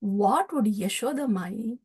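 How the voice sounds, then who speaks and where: A woman giving a devotional scripture class, retelling the story in an animated way with many rhetorical questions. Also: medium pitch, takes it slowly, slightly rough. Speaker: scripture teacher.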